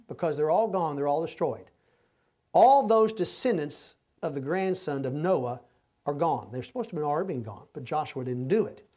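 A man preaches through a passage in a loose, conversational way, explaining as he goes. His voice sits high for a man. He keeps pausing to make sure his listeners are keeping up. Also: a little mellow. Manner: folksy, repeatedly checks in with the listeners. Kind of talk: conversational verse-by-verse sermon.

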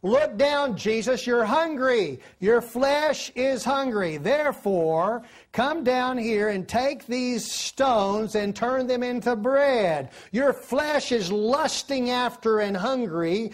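A preacher acting out the devil as a coaxing, insistent tempter, speaking louder, higher and slower. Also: expressive.

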